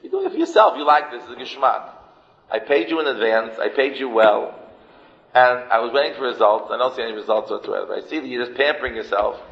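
A man's voice: mid-range voice, vocal fry. A man voicing God as a stern, disappointed employer who scolds a lazy worker in the first person. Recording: muffled, with long hall reverb.

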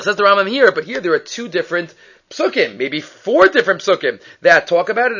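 A man teaches a Talmud study lesson in a high, bright-pitched voice. He moves quickly from question to answer and weaves Hebrew and Aramaic terms into his English. The recording sounds dull and lo-fi. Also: husky. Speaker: Torah teacher.

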